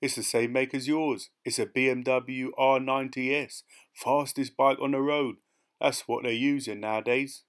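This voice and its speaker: A man voicing a sly, rat-faced male hitch-hiker with a soft, oily voice. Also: medium pitch, little pitch movement, moderate pace, voice pushed up, close to an everyday voice. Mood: confiding.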